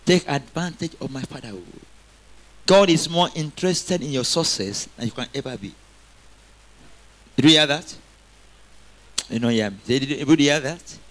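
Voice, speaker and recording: A male pastor preaching a sermon, calling on the congregation to repeat after him and swinging between loud exhortation and quiet asides. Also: medium pitch, moderate pace, pauses often. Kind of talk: sermon with call-and-response.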